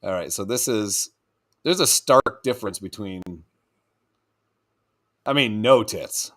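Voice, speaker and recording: A man's voice: on the low side, takes it slowly, a bit bright. A man co-hosting a crude, casual podcast chat, rambling, laughing often and slipping into goofy voices. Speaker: podcast co-host.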